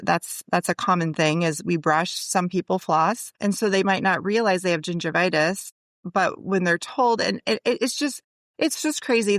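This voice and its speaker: A woman's voice: lowish voice, dry recording. Chatty woman dentist, dry sound. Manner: rambling, many restarts and fillers. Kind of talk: casual interview conversation.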